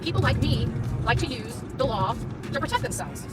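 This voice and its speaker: High-pitched, heated ranting woman. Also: lively intonation, normal speed, distant mic, over loud music. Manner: heated, confrontational, repeats taunts. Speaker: live streamer. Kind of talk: angry live-stream rant and confrontation. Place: in a car in traffic.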